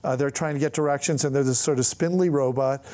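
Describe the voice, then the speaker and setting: A man's voice: medium pitch, fast. An older man telling anecdotes in an on-stage conversation, acting out the voices of the people in his stories. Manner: animated storyteller, acts out quoted voices. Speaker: film writer-director, guest. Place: on stage before an audience.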